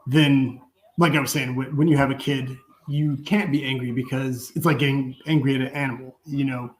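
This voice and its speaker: A man's voice: mid-range voice, steady tone, normal speed, a little hiss or hum. A man appearing as a podcast guest, talking in a reflective, loose way with fillers. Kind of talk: casual conversation.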